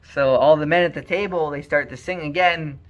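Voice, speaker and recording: A man's voice: fairly high pitch, moderate pace. Man telling a story, muffled sound. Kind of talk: spoken storytelling.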